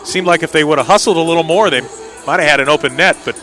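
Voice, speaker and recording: A man doing live play-by-play commentary on an indoor soccer match, with quick calls that rise sharply on big plays. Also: fairly high pitch, bright, forceful tone, soft background music.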